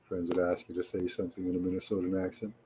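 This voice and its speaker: A man with a Canadian accent, hosting a live stream in a relaxed, rambling way and chatting casually with viewers. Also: low voice, quick pace, a little hiss or hum, rough recording. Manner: relaxed and rambling, with frequent fillers. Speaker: livestream host.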